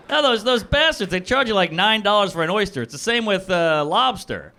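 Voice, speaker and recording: Here a man riffs crudely and quickly through improvised stand-up built on audience suggestions, laughing at his own jokes on a comedy club stage before a live audience. He speaks high-pitched and fairly fast, with few pauses, lively intonation and a sharp tone.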